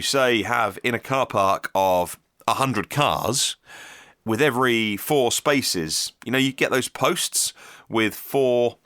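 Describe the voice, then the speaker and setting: A man's voice: mid-range voice, fairly bright tone, no echo. A man hosting a casual solo podcast, chatting enthusiastically and reading out listener emails, thinking aloud as he goes. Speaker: podcast host.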